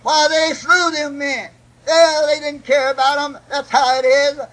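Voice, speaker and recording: High-pitched chanting preacher man. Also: little pitch movement, a little slow, a bit bright, low-quality recording. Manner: chanting, with "uh" after each breath and repeated "God bless your heart". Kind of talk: old-time preaching sermon.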